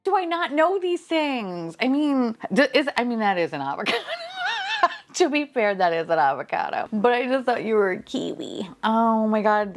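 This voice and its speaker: With a fairly high, very animated voice at a moderate pace, a woman chats playfully while opening blind-box toys on camera. This unboxing vlogger swears, laughs and drops to whispers throughout.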